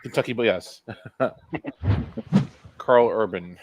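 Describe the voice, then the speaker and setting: A man's voice: lowish voice, extremely slow, no echo. A man on a casual quiz panel, chatty and laughing as he guesses.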